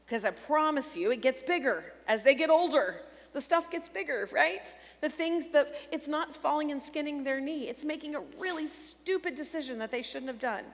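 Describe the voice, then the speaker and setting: A middle-aged woman with a somewhat high voice teaches a church breakout session on a stage mic. She explains step by step, softening when she speaks as if comforting a child. Her voice rings with a long reverb in a large hall. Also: normal speed, few pauses. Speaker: conference speaker.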